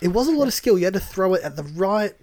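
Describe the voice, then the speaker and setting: A man co-hosting a casual podcast, his voice high for a man with lively pitch movement. He explains things loosely, restarting and leaning on fillers. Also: quick pace, crowd noise. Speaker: podcast co-host. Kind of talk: casual chat.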